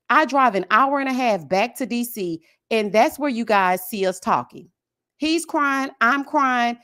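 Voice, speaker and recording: Animated, sassy woman reality TV commentator. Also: fairly high pitch. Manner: animated, sassy, addresses viewers as y'all and honey. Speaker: live chat host.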